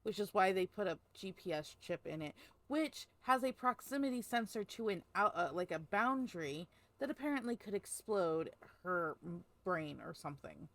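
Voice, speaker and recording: A woman's voice: medium pitch, animated, normal speed, no room sound. A woman co-hosting a book podcast, retelling a novel's plot in a rambling, casual way with lots of fillers. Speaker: podcast co-host. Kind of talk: casual book-club chat.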